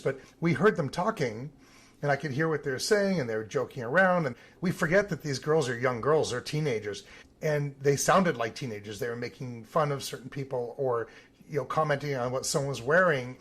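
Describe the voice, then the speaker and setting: A man, an Olympic team photographer, telling lively stories in a podcast interview and acting out the voices of the people he quotes. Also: medium pitch, breathy edge. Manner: animated storyteller, acts out quoted voices.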